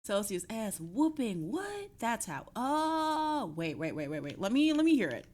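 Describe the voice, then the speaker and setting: A woman's voice: a little high, sing-song, measured pace, a little mellow. A young woman streaming, chatting casually with her viewers, swearing offhand and laughing often.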